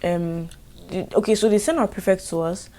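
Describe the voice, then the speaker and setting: A young woman with a Nigerian accent tells a storytime vlog, lively and exasperated. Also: mid-range voice, quick pace. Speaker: vlogger.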